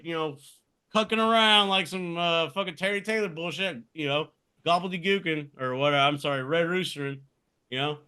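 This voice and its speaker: A man with a high, bright, sharp voice holds forth on a podcast. He rants in a heated, swearing flood of casual talk, a co-host in his thirties. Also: clear, resonant tone. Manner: profane, heated ranting. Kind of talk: casual chat.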